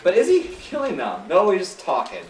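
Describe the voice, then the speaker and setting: A man's voice: high voice, wildly swooping pitch, normal speed, a little mellow. A man chatting and joking while commentating a video game. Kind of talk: casual let's-play commentary. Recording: echoey room, mic at a distance, faint noise.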